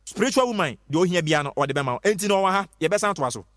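A man presenting an advert on radio, fast and insistent, repeating his phrases. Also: high voice, lively intonation, a bit bright, no echo, clean studio sound. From Ghana. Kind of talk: hyped radio advert pitch.

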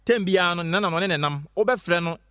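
A man presenting an advert on radio, fast and insistent, repeating his phrases. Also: high-pitched, fairly bright tone, clear, resonant tone, no room sound, clean studio sound. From Ghana. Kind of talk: hyped radio advert pitch.

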